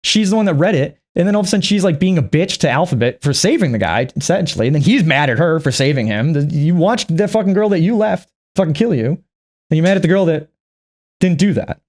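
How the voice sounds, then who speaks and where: A man's voice: on the high side, animated, fast, a little mellow. A man vlogging a rambling movie recap, profane and chuckling often.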